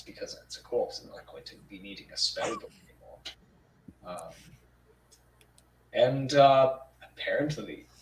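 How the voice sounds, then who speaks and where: Slow, rambling man playing a tabletop game. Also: medium pitch. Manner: rambling, hesitant, with many fillers. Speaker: player. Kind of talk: in-character tabletop role-play. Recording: roomy sound, from far off, faint noise.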